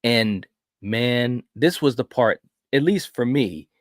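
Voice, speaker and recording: A man's voice: medium pitch, lively intonation, takes it slowly, no echo, studio quality. A man co-hosting a casual podcast, retelling a horror film scene by scene in an enthusiastic, rambling way. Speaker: podcast co-host. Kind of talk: casual film review chat.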